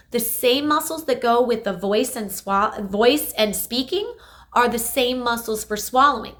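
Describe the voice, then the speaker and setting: A young adult woman, a speech therapist, giving an energetic, emphatic explanation in an instructional health video. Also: on the high side, a little slow.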